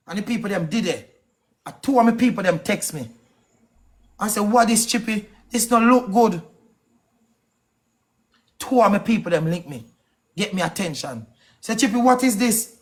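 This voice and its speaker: A man's voice: sits high, expressive. A man with a Jamaican accent delivering a heated, accusing rant on a live stream, firing off questions. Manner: angry, accusing, rapid-fire questions.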